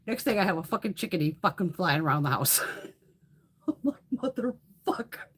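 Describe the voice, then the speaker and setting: A woman with a lowish, husky voice chats casually on her beauty livestream. She tells stories in a lively, swinging tone and swears constantly. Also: moderate pace. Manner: animated storytelling with frequent swearing. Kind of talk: casual chat.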